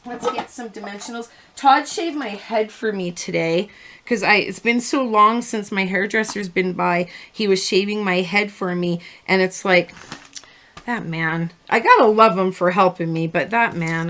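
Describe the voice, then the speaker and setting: A middle-aged woman talks her viewers through a card-making project on a live stream. She chats and rambles while she works, breaking off into anecdotes and laughing at her own stories. Her voice sits at an ordinary middle pitch. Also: fairly bright tone. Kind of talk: live-stream crafting tutorial.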